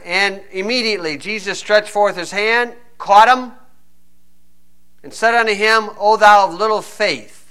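A man's voice: high voice, bright, forceful tone. A man preaching a conversational sermon, reading scripture verses aloud and stopping to explain them with wry, folksy asides. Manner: reads old-style verses, then breaks into wry, folksy asides.

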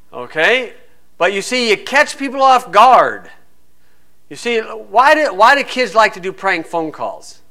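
A man's voice: high voice, sharp tone. A man preaching a sermon, full of rhetorical questions, acting out hecklers and reading scripture aloud.

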